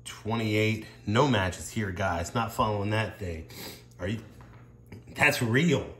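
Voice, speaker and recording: Male vlogger, lower voice, overwhelmed and tearful, excitable exclaiming, echoey room, audible noise behind. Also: a little slow. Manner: exclaiming, emotional, rambling, addressing viewers as y'all. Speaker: scratch-off ticket vlogger. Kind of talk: excited casual commentary.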